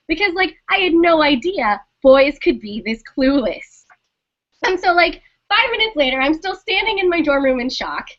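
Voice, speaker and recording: A young woman with a high, bright and forceful voice tells a personal story in a casual, animated way. She swears freely and acts out each line of dialogue. The sound is dull and lo-fi. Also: normal speed. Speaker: streamer telling a story.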